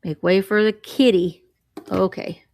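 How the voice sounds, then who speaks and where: A woman's voice: mid-range voice, fairly even intonation, a little slow, darkish tone, slight background noise. A woman chatting casually while running a live vintage auction, bubbly and playful with sing-song noises.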